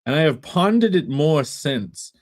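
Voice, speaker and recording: Speaking at a measured pace, this Englishman is very animated as he chats on a live stream from a partly cleared-out room at home. He wanders from point to point with dry humor, and his pitch rises and falls dramatically.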